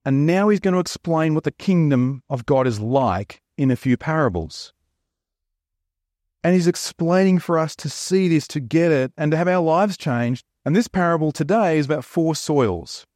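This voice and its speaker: An Australian man preaching with a chatty, joking storyteller's manner. His voice sits a little higher than most men's, and the sound is close and dry, with no room echo. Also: animated, normal speed, darkish tone. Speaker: pastor. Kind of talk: sermon.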